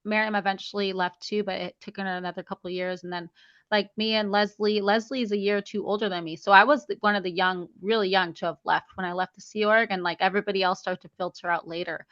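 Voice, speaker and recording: Bright-voiced woman telling her story. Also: mid-range voice, fairly even intonation, quick pace, no echo, highs cut off. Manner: chatty, acts out quoted dialogue, many "like"s. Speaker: guest, memoir author. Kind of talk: casual interview storytelling.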